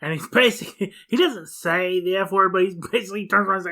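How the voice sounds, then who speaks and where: A woman's voice: mid-range voice, fast talker, bright, forceful tone. A woman in her thirties co-hosting a podcast, retelling a film's plot in casual chat and laughing often. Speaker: podcast co-host.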